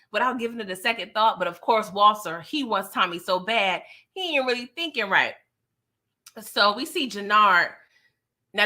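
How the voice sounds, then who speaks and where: A woman casually recapping a TV series, acting out the characters' lines with lots of laughs. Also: on the high side. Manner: animated, acts out characters' lines, laughs often. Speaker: TV recap YouTuber.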